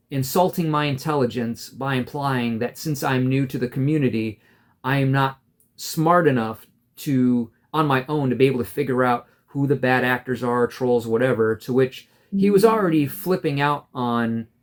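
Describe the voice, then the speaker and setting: A man vlogging, telling a story of a quarrel in an aggrieved, rambling way, with many fillers and restarts. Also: mid-range voice. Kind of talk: casual storytelling to camera.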